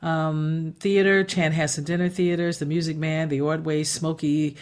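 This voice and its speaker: A woman's voice: deep voice, level tone, moderate pace, a little mellow. Chatty woman radio host. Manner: chatty and emphatic, many restarts. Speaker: radio talk show host. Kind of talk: casual radio chat. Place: radio studio.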